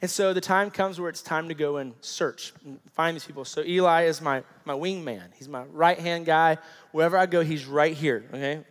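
A man's voice: a little high, normal speed. A man in his thirties preaching a sermon, telling a personal story and acting out the people in it. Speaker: pastor. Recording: long hall reverb.

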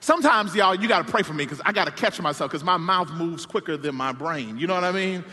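A man's voice: a little high, expressive, fast talker, bright, forceful tone. A man preaching a comedic sermon, telling stories with playful, self-deprecating asides, from a stage in a large church sanctuary. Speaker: pastor. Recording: long hall reverb.

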